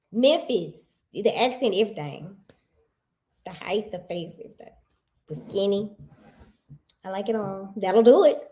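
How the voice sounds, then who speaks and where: A woman in casual livestream chat, animated and teasing, repeating herself for emphasis. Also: fairly high pitch.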